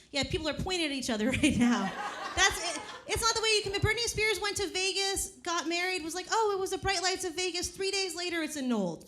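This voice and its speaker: A woman's voice: high-pitched, a bit bright. A woman in her thirties doing a profane stand-up comedy set on a club stage, telling punchy stories. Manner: brash and profane, punchy storytelling. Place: comedy club stage before a laughing crowd. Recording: live club recording with faint crowd noise.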